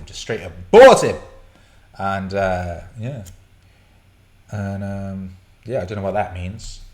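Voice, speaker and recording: A man hosting a casual live stream, reading chat questions and rambling, swearing and laughing often. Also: fairly low pitch. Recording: roomy echo.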